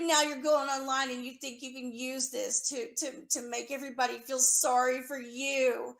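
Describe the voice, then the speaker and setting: A woman with a high voice tears into someone in a furious, confrontational rant. She is accusatory and sarcastic, and she swears freely. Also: flat delivery, normal speed, gravelly, hardly any pauses, fairly bright tone.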